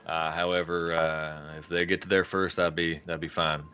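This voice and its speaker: A man's voice: deep voice, little pitch movement, normal speed, pushed and bright, clean tone, highs cut off. A man playing his character in a tabletop game, earnest and meandering with filler words. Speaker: player.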